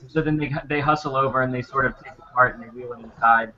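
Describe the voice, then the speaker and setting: A man narrating as game master of a tabletop game, rambling and pausing often for fillers. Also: mid-range voice, fairly even intonation, sharp tone. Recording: muffled lo-fi recording.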